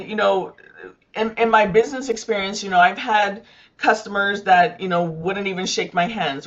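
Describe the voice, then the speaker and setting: A woman's voice: mid-range voice, muffled recording. A woman who runs a roofing business, telling a personal story candidly in a panel discussion, with frequent fillers.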